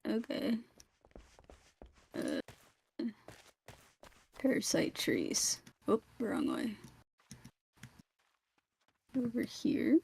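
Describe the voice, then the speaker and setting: A woman's voice: fairly high pitch, wildly swooping pitch, extremely slow, vocal fry, pauses often, darkish tone, breathy edge. A woman playing a game with her spouse as a new player, chatting casually and reacting playfully. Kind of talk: casual gaming chat.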